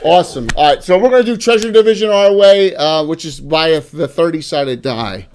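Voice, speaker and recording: A man's voice: a little high, a little fast, darkish tone, slight background noise. A man with a South Jersey accent, hosting a livestream as game master and handing out prizes in a loose, joking way. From South Jersey, USA. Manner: loose and joking, with frequent restarts. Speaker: game master and show host.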